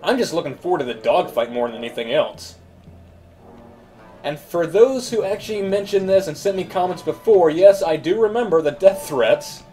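A man's voice: a little high, lively intonation, normal speed, dark tone, soft background music. A man hosting a let's play, chatting and thinking aloud as he plays. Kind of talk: gameplay commentary.

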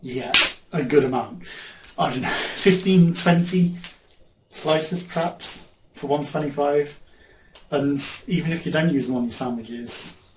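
A man's voice: fairly high pitch, a little slow. A man chatting casually through a haul video, rambling, laughing often and sometimes talking with his mouth full. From England. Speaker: vlogger. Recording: echoey room with faint noise.

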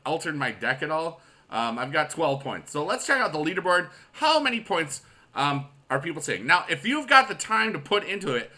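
A man in his forties, a mobile game YouTuber, chatting casually and excitably while he plays, with goofy loud shout-outs to viewers. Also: fairly high pitch. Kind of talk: casual gaming commentary.

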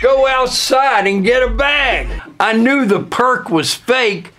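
A man playing a boastful, drugged-out vampire rapper in a comedic monologue, bragging crudely in a deadpan way. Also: very high voice, slow pace, heavily acted. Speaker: comedian in character.

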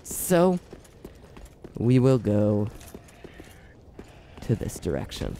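A man's voice: fairly low pitch, wildly swooping pitch, very slow, creaky, mellow, slight background noise. A man giving casual gameplay commentary with dramatic, whiny self-pitying asides. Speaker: let's play gamer.

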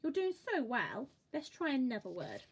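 A woman teaching a children's phonics lesson, modelling each sound slowly and cheering the listener on. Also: sits high, wildly swooping pitch, a little hiss or hum. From England. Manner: slow, encouraging, exaggerated sound-by-sound modelling.

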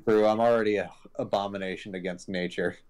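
A man with a somewhat low voice talks through a horror game on a live stream. He reacts to what he sees, thinks aloud and swears freely in casual chat. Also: steady tone, brisk, a little mellow.

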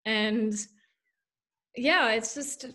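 A woman's voice: fairly high pitch, very slow, bright, forceful tone. Chatty South African woman, mixed accent. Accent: mixed South African, drifting toward American and Irish. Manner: chatty, self-deprecating, frequent fillers. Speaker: author guest. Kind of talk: casual interview.

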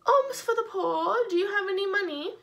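A woman voicing a poor paralyzed beggar man in a children's Bible story, in a high, whiny pleading voice. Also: moderate pace, creaky, a bit bright, full character voice.

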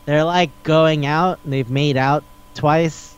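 A man's voice: a little high, steady tone, slow, clear, resonant tone, muffled recording. A man co-hosting a podcast who chats casually, recaps stories with energy, acts out quotes and swears freely. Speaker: podcast co-host. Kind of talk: casual chat.

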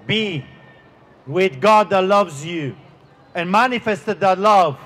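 Stretching out his words slowly and emphatically, a middle-aged pastor with a non-native English accent gives an outdoor street sermon. His voice is high-pitched, expressive, and a bit bright.

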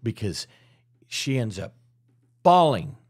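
A man's voice: mid-range voice, slow pace, husky. A middle-aged man from Utah, talking as a guest in a casual podcast conversation and acting out the people in his stories. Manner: animated storyteller who acts out voices. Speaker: real estate guest.

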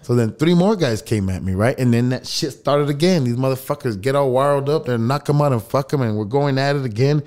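A man's voice: mid-range voice, animated, fairly quick, hardly any pauses, darkish tone. A man, a podcast guest telling a long story in casual, profane, laughing talk. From El Paso, Texas. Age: 40s.

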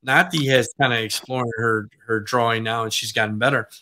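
An easygoing man tells self-deprecating stories in a casual chat. His voice is mid-pitched with a bright, forward edge. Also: fairly even intonation, fairly quick.

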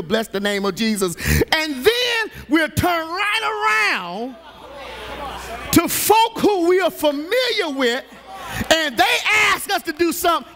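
A male pastor preaching a sermon in a church sanctuary, shouting on his climaxes and teasing the congregation playfully. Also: very high voice, very animated, a little slow, some chatter behind.

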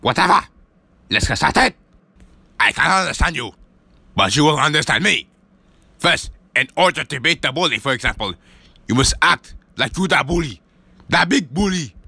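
A man's voice: a little high, animated, moderate pace, vocal fry, long pauses, bright, forceful tone, husky, dry recording. A man voicing a bossy, insulting karate master in an amateur comedy skit. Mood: stern. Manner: barking, insulting, mock-stern.

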